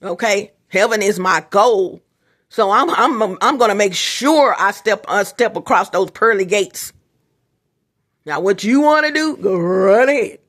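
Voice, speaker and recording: A woman's voice: mid-range voice, expressive, measured pace, fairly bright tone. Middle-aged woman rambling to her viewers. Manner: repetitive, restarts often, talks straight to viewers. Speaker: vlogger. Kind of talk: casual rambling monologue to viewers.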